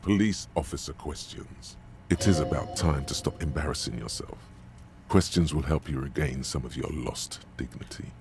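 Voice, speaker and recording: A deep, taunting inner voice. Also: male voice, normal speed, a little mellow, soft background music. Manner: wry, theatrical, taunting. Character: mocking male inner-voice narrator, deep and dramatic. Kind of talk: video game narration.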